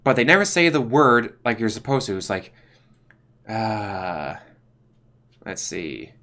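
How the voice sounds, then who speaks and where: A man's voice: fairly low pitch, takes it slowly, bright, forceful tone. A young man, casually reviewing TV shows in a rambling way, full of fillers and restarts. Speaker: YouTube host.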